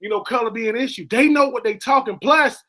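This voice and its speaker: A man's voice: extremely high pitch, fairly quick, bright, forceful tone. A man co-hosting a sports radio show, talking in an earnest, slangy, conversational way. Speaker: co-host. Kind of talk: casual sports radio chat.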